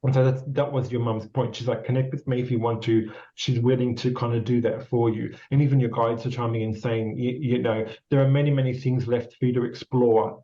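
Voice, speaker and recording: A man's voice: medium pitch, flat delivery, fairly quick, hardly any pauses, warm tone. An Australian man, a psychic medium, giving a casual, rambling and encouraging reading full of repetitions and fillers. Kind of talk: casual spirit reading with a guest. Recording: slightly dull lo-fi sound.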